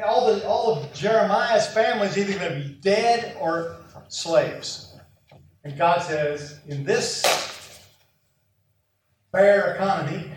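A man preaching a sermon, telling a personal story with animated, self-mocking asides. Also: sits high, a little hiss or hum. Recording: echoey room from far off.

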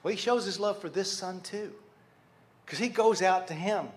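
A man preaching a sermon to a congregation, animated, asking rhetorical questions and speaking to them directly. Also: high voice, moderate pace. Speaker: pastor.

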